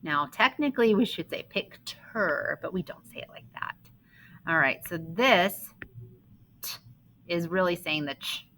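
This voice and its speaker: A woman's voice: on the low side, animated, normal speed, a bit bright, a little hiss or hum, low-quality recording. A woman teaching a phonics lesson to young children, patiently sounding out words and spelling rules.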